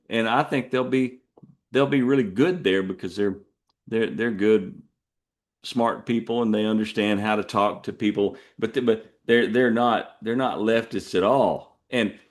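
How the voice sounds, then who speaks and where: A Texan man hosting a show, telling a rambling folksy story full of asides. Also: fairly low pitch. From Texas. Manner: folksy, digressive, drawling asides. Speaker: podcast host.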